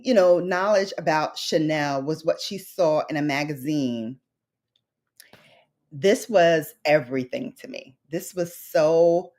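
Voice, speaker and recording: Her voice sits low with a darkish tone. On a casual livestream, this Brooklyn, New York beauty vlogger talks to her viewers in a heartfelt, nostalgic way, using babes and honey as terms of endearment.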